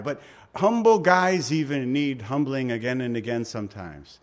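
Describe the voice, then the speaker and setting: A man preaching a sermon, animated, quoting scripture and acting out short voices with the occasional chuckle. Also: medium pitch, normal speed, faint music behind. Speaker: pastor.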